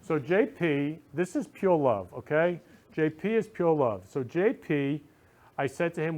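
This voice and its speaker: A man's voice: a little high, darkish tone. A man hosting a talk show, gushing and repeating himself, emotional, leading a spoken prayer.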